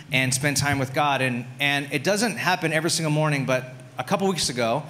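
A pastor in his thirties tells a story during a sermon, speaking in a relaxed, conversational way and saying "like" a lot. His voice is on the high side.

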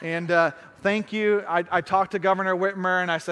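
Male pastor, high voice, lively sermon storyteller, echoing church hall. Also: brisk, hardly any pauses, a little hiss or hum. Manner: animated, self-deprecating humor, acts out his own thoughts.

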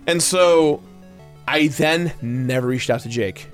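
An animated man tells a story in casual podcast chat, his voice sitting a little high and swinging up as he acts out the people in it. Faint music runs underneath. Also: takes it slowly. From Los Angeles area. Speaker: guest telling a story.

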